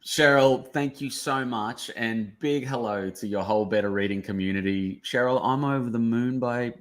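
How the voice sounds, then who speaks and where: A man's voice: mid-range voice, moderate pace. An Australian man, a guest author joining by video call, talking in an effusive, emotional, gushing way.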